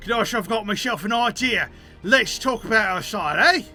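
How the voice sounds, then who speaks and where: A man voicing a proud, hearty male blacksmith in a game, with rough sailor-like speech and dropped words. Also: high-pitched, animated, normal speed, sharp tone, soft background music, voice pushed up, full character voice.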